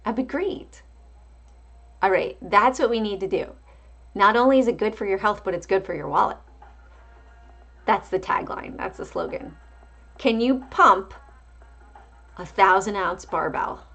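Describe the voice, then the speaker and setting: A woman's voice: medium pitch, moderate pace, long pauses, fairly bright tone, soft background music. A woman hosting a casual live market stream, calling out price levels and chatting back to viewers. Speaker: livestream market host.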